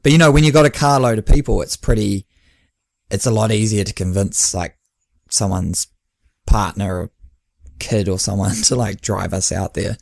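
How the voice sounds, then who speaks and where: New male podcast host and coach, lowish voice, dry; animated storyteller. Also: normal speed, creaky, no room sound. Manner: chatty storyteller who acts out quoted dialogue with laughs. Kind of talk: casual podcast chat.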